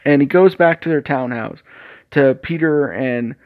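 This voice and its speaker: A man's voice: mid-range voice, a little slow, no echo. A man retelling a comic book story in a loose, casual way, quoting the characters in his own voice. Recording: dull lo-fi dry sound.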